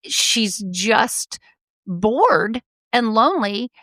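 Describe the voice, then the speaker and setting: A middle-aged woman co-hosting a podcast, telling a story in a casual, animated way and acting out the people in it. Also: a little high, extremely slow, no room sound, clean studio sound. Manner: animated storyteller, quotes people in lively voices. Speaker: podcast co-host.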